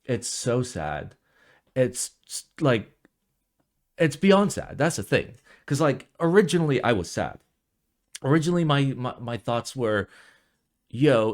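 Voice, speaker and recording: This keyboard reviewer is a young man ranting casually in his vlog. He sounds jet lagged, swears and rambles, and swings between low mutters and loud outbursts.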